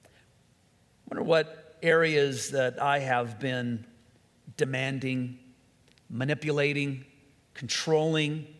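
A man preaching a sermon, earnest and repetitive, sometimes dropping to a soft, quiet voice. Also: mid-range voice, steady tone, slow, pauses often. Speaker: pastor. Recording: long hall reverb.

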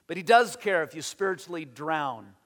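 Male pastor, high voice, lively sermon delivery with acted-out quotes, hall reverb. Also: normal speed. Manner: animated, acts out voices in quotes, repeats words.

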